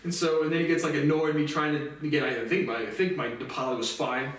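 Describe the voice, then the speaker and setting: A man's voice: a little high, steady tone, fast, a little hiss or hum. A man talking alone on his show in a casual, rambling monologue, blunt and full of swearing. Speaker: podcast host. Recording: echoey room, mic at a distance.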